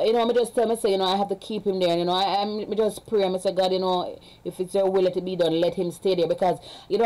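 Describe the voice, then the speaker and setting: A woman's voice: fairly low pitch, mellow, rough recording. A woman with a Jamaican accent chatting casually on a live stream at home. She rambles along and breaks off to give her children orders.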